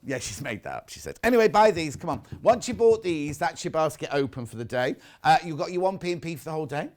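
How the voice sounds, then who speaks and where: A man's voice: fairly high pitch, very animated, fast talker. A British man presenting a live shopping show in a windowless studio, chatting and reading out viewer messages.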